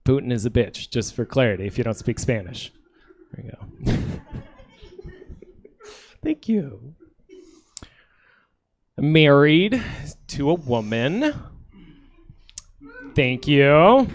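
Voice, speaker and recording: Speaking slowly in a sing-song mid-range voice and pausing often, this man does a stand-up set at a comedy theater. He's in his thirties, from Ukraine in the former Soviet Union, and his humor leans on apologetic jabs at himself.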